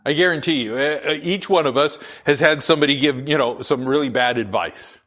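Deep-voiced man preaching a casual sermon. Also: fairly quick, a bit bright. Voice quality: deep, full radio-style voice. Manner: conversational storytelling, many fillers and restarts. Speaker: pastor.

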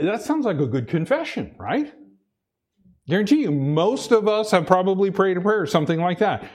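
A pastor preaches an earnest sermon, repeating himself and restarting phrases as he presses his point. His voice sits high and sounds sing-song and a little mellow, at a normal speed.

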